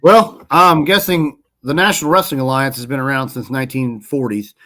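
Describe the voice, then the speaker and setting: A man's voice: medium pitch, moderate pace, bright, forceful tone. A man co-hosting a casual podcast, rambling and correcting himself as he recaps wrestling results. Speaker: podcast co-host. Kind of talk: casual chat about wrestling.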